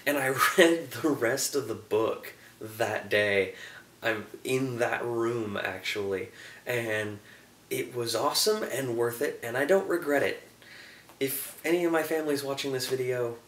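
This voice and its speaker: A young man casually reviewing a TV episode, enthusiastic and acting out scenes in quick voices. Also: medium pitch, fairly bright tone, far from the mic. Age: young adult. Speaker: show reviewer. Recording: echoey room, a bit off-mic, faint hiss.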